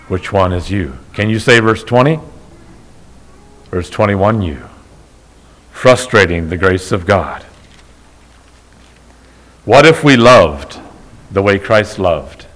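A male pastor preaching a sermon in church, moving from quiet, slow storytelling to loud, high-pitched, impassioned preaching. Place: church sanctuary.

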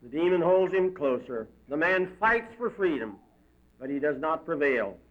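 A man's voice: fairly high pitch, very animated, moderate pace. A man giving an emphatic, dramatic reading of a moral story. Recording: dull lo-fi recording.

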